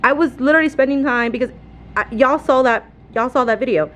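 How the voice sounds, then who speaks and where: A woman, a fourth-grade teacher, vlogging from her classroom with a phone, animated and laughing often, audibly stressed and frustrated. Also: high voice, fairly quick, low-quality recording. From Texas. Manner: animated, laughs often, keeps addressing viewers as y'all. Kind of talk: casual classroom vlog. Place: indoor school classroom.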